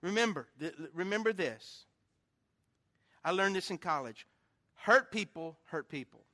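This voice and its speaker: A man's voice: sits high, expressive, measured pace, pushed and bright. A male pastor preaching a sermon in a church, telling stories in a chatty way and joking about his own faults. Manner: conversational storytelling with self-deprecating humor.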